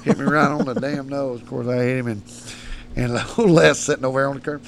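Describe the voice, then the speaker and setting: A man with a drawl spins rowdy tall tales as a studio guest. He laughs through his stories and swears freely, at a middling pitch, with a faint hum behind him. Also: quick pace, vocal fry. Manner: animated, laughs often, salty language. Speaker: podcast guest. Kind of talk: rowdy storytelling.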